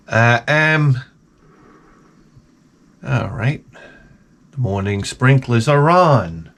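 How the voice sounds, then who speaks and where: A man's voice: medium pitch, animated, drawn-out words, pauses often, a bit bright. Sarcastic guy in his 40s riffing on his day, voice bouncing up and down a lot. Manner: sarcastic, self-mocking storyteller. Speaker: vlogger. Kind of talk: rambling comedic monologue. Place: outdoors by a backyard shed.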